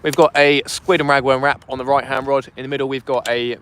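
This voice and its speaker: A man's voice: mid-range voice, little pitch movement, a little fast, a bit bright. Guy chatting to his stream while fishing by the sea wall, phone mic, a bit of faint outdoor hiss. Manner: chatty, reads out chat and thanks donors. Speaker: fishing livestream host. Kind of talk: casual live-stream chat. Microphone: phone streaming vertically.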